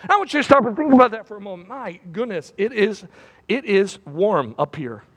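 A man preaching a sermon from a church platform, swinging between loud bursts and hushed, repeated phrases. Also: high-pitched, very animated, a little fast, husky. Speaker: pastor. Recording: long hall reverb.

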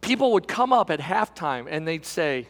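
A man's voice: on the high side, sing-song, normal speed, long reverb tail. A middle-aged man pastor preaching a sermon, telling a folksy personal story and calling his listeners friends.

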